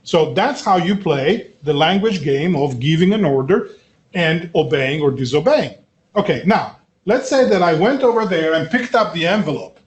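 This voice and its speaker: A middle-aged man giving a university lecture, often checking in with "okay?" and "right?" and pausing on filler sounds. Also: on the high side, lively intonation. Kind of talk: classroom lecture.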